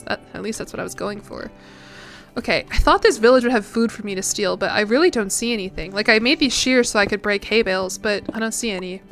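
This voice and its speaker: A woman's voice: medium pitch, a bit bright. A young woman streamer chatting casually while playing a game, rambling and self-deprecating with frequent giggles. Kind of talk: casual chat while gaming.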